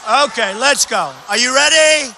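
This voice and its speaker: A man from New York giving a campaign rally speech in a large arena, speaking loudly in short, repeated phrases into a podium microphone. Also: expressive, a little slow, slight background noise. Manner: loud, repetitive short phrases to a crowd. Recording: booming echo of a big arena.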